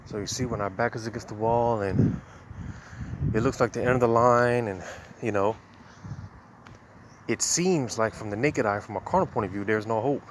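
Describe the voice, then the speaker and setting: Man preaching on a walk, lowish voice, slightly winded, casual and chatty, faint traffic behind. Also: moderate pace. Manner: casual, conversational, many fillers. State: slightly out of breath while walking. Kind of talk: informal outdoor preaching. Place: outdoors, walking by traffic.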